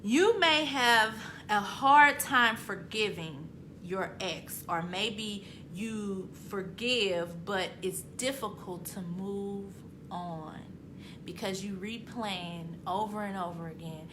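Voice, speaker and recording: Taking her time, this motivational speaker and author delivers a self-help talk at a medium pitch over some background noise. Her emphatic, repetitive message moves from easy conversational wording up to fervent high points.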